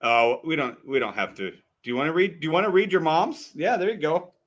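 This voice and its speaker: A man's voice: a little high, a little fast. A man co-hosting a sports podcast, talking casually about betting picks and games with a laid-back, rambling manner. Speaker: podcast co-host.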